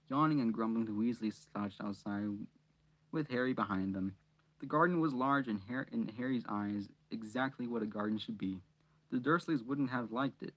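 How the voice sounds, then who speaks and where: Young guy reading a storybook out loud, laid back, jokes around with viewers between pages. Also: medium pitch, normal speed. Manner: chatty, jokey asides to viewers. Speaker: reader and channel host. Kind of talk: casual storybook read-aloud.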